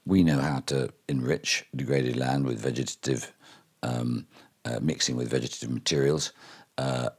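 An older man gives a keynote talk in a very deep voice with a husky edge. He is reflective and wry, and he often pauses on fillers and restarts his sentences. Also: fairly even intonation. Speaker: keynote speaker. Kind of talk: keynote speech.

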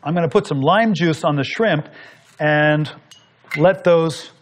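A man with a slightly high voice talks through a cooking demonstration as he chops and cooks. He explains each step in a relaxed, instructive manner, as if teaching the viewer. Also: unhurried. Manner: explanatory, talks while working. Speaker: cooking show host.

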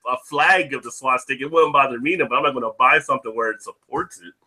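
A man's voice: mid-range voice, quick pace, bright, forceful tone, a little hiss or hum. A man in a casual group chat who gives blunt opinions and laughs often.

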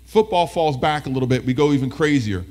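A man giving a motivational presentation to educators as a keynote speaker, lively and talking with the audience, often acting out voices. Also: medium pitch, brisk. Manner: animated, talks with the audience, acts out voices.

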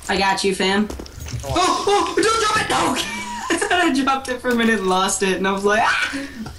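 A man in a casual team voice chat, goofy and joking, who bursts into loud shouts. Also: very high voice, animated, moderate pace, loud music behind the voice. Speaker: player. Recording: echoey room with loud background noise.

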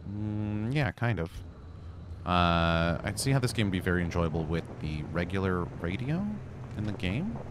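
A low-voiced man narrates his gameplay in a chatty, casual way. He talks back to the game and lets out flustered yelps. Game sounds play clearly behind him. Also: big pitch swings, normal speed, noisy background. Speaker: gaming YouTuber.

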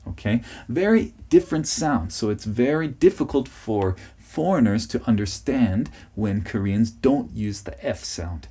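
Man, English teacher, low husky voice, patient and repetitive, checks in often. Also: a little slow, mellow. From United States. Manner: patient, repeats key words, checks with "okay?". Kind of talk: podcast pronunciation lesson.

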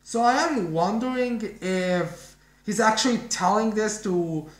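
A man's voice: high-pitched, a little slow. A man casually reviewing a manga chapter, rambling and thinking aloud as he goes. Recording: roomy echo.

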